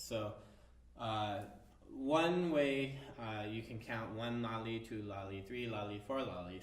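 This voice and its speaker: A man's voice: on the low side, distant mic, a little hiss or hum. A man teaching an orchestra violin part, explaining the rhythms and counting the beats aloud. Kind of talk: music lesson. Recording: roomy, from off mic, violin behind. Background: violin playing.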